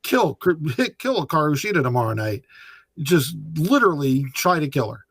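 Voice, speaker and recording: A man hosting a casual round-table chat about wrestling, animated and joking, laughing often. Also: a little high, moderate pace, breathy edge, no echo, studio quality. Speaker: podcast host.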